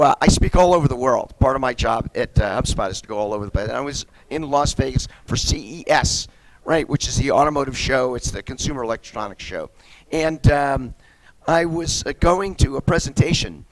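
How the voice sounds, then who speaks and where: A man's voice: mid-range voice, no echo, low-quality recording. American man giving a chatty keynote. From United States. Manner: chatty, keeps asking "right?". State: slightly congested from a cold. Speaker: keynote speaker. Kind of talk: lively conference talk. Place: conference venue.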